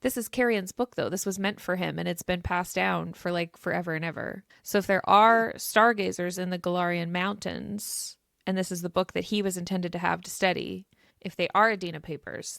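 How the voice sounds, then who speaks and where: A woman's voice: on the low side, a little fast, vocal fry, a bit bright, no echo, clean studio sound. A woman co-hosting a casual book club podcast, thinking aloud with many restarts. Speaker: podcast co-host.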